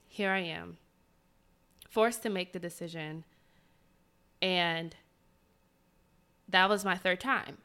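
A woman hosting a podcast, casually telling a personal story in an animated, dramatic way and speaking directly to her listeners. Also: lowish voice, extremely slow, long pauses, smooth. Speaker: podcast host.

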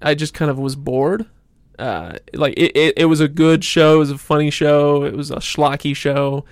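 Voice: medium pitch, normal speed, no echo, studio quality. A podcast host in casual chat, talking loosely with many fillers and losing the thread now and then. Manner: rambling with many fillers, loses track mid-sentence.

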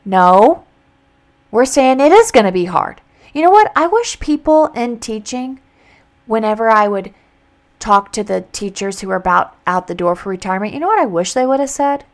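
A woman's voice: fairly high pitch, animated, measured pace. A woman hosting a podcast, giving earnest, faith-filled encouragement in a motivational talk. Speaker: podcast host.

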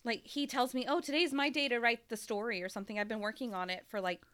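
A woman's voice: on the high side, steady tone, fast, a bit bright. A woman in her thirties, congested from a cold, chatting casually as a podcast co-host and telling long rambling stories with frequent laughter. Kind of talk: casual chat.

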